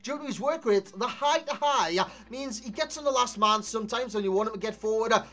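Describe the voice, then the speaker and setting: A man's voice: very high voice, fairly quick, faint music behind. Chatty man reviewing a game. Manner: chatty, animated, addresses viewers as lads. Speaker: gaming YouTuber. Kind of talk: video game player review commentary.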